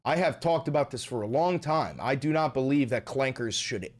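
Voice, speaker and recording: A man ranting loudly and profanely while chatting on a live stream. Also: mid-range voice, moderate pace. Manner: loud, animated, profane, ranting.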